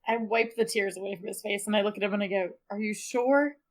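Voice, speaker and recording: A woman's voice: mid-range voice, fairly even intonation, racing. A woman playing a tabletop game casually, describing her actions and laughing often. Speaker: player.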